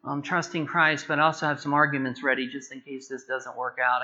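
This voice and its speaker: Bright-voiced impassioned male preacher. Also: medium pitch, steady tone, a little fast, few pauses, dull audio. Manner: impassioned, rises to loud emphatic preaching. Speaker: pastor. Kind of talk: sermon.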